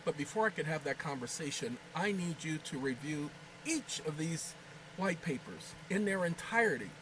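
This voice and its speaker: A man's voice: a little high, lively intonation, moderate pace, noisy background. A man hosting his own video channel, chatting casually at home, rambling and joking while scolding aside. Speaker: channel host. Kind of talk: casual talking-head video chat. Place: home kitchen.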